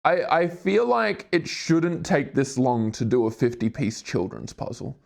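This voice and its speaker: Gravelly young Australian streamer. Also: male voice, mid-range voice, very animated, unhurried. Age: 20s. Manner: rambling, jokey, self-mocking, swears casually. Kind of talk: live-stream commentary while doing a jigsaw puzzle.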